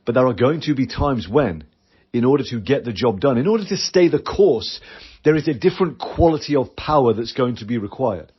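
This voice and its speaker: A man's voice: mid-range voice, expressive, a little fast, husky, lo-fi sound. A British man hosting a solo business podcast, talking earnestly and acting out quoted voices. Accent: British English. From Britain. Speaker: podcast host. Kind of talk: solo podcast coaching talk.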